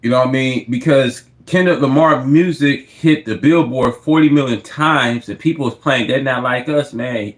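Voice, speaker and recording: A man's voice: mid-range voice, moderate pace, few pauses. A man giving casual livestream commentary, tagging his sentences with "man" and "you know what I mean". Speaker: livestream host.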